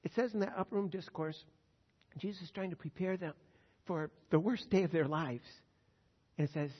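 A man's voice: sits high, normal speed, pauses often, slightly rough. Older male preacher in a reverberant hall. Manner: earnest, swelling to loud emphasis on key words. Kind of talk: sermon. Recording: dull long-reverb hall sound.

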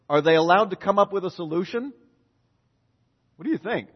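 A middle-aged man preaching a lively sermon, quizzing the congregation and acting out prayers. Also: high voice, brisk, husky. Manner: animated, questions the congregation, acts out prayers. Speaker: pastor. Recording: dull reverberant hall.

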